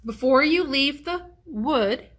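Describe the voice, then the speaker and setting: A woman's voice: high voice, animated, slow, pitched above the performer's own voice. A woman reading aloud as a hungry, scheming male wolf in a children's storybook. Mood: sly. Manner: storybook read-aloud delivery.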